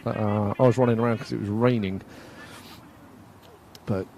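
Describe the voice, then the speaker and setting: A man's voice: on the low side, steady tone, moderate pace, creaky, warm tone, a little hiss or hum. A man from England giving casual, self-mocking live commentary at an outdoor football match, laughing often and reading out viewer comments.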